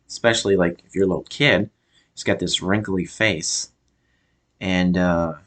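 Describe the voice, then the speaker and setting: An American man giving a casual review monologue, often pausing and restarting as he searches for words. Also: sits low, fairly bright tone. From United States. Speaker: show reviewer.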